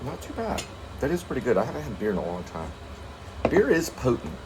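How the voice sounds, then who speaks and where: A man's voice: mid-range voice, huge pitch swings, brisk, noisy background. A middle-aged man, co-host of a home vlog, chatting casually over a meal and often losing his train of thought.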